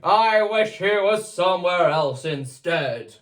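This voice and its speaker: A woman voicing a huge, grumpy male giant in a storybook reading, with a booming, slow delivery. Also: animated, distant mic. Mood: grumbling.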